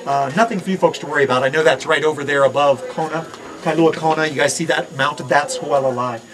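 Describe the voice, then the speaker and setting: A man's voice: on the high side, fast talker. A middle-aged man from Hawaii giving an outdoor park ranger talk, joking with visitors and quizzing them on the sights. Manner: playful, quizzes the crowd and jokes. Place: outdoors at a volcano viewpoint. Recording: outdoor recording with audible crowd.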